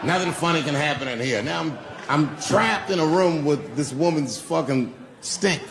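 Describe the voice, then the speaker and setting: Male stand-up comic, gravelly, profane storyteller, club mic with light hiss. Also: on the high side, expressive, normal speed. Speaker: stand-up comedian. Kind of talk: stand-up set. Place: small comedy club.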